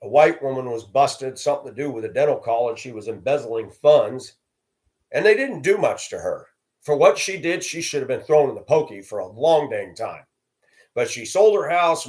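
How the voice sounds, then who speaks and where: A middle-aged man from the Denver area tells personal stories in a casual, unscripted way. His voice sits at an ordinary mid pitch. He acts out the other people's lines and raises his voice when the story turns tense. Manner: acts out quoted voices, rising loud for confrontations. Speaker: vlogger telling personal stories.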